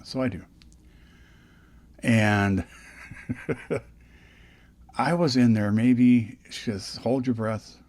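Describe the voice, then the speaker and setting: A man's voice: medium pitch, very slow, pauses often, darkish tone. An older man telling stories in a casual vlog, rambling and chatty with lots of restarts, recorded close on a dynamic studio microphone. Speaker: podcast host.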